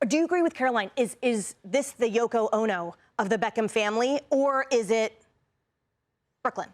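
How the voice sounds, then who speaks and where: A woman hosting a TV panel show, brisk and breezy as she hands off to her panelists. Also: on the high side, lively intonation. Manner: brisk, breezy, lightly teasing. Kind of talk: TV panel talk.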